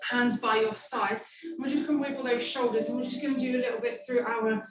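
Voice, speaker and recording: A woman's voice: fairly high pitch, fairly even intonation, brisk, a crowd in the background. A woman leading a stretch class, giving playful, encouraging cues. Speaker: fitness instructor. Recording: echoey room, far from mic, music behind. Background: background music.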